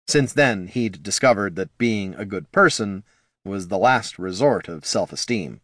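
A man narrating a fantasy story in an expressive storytelling way. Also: on the low side, measured pace, no echo, studio quality. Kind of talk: audiobook narration.

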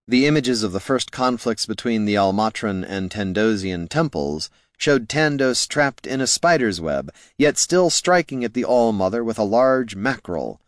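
A man's voice: mid-range voice, no echo. A man reading fantasy fiction aloud in scripted audiobook narration, with a dry, wry delivery.

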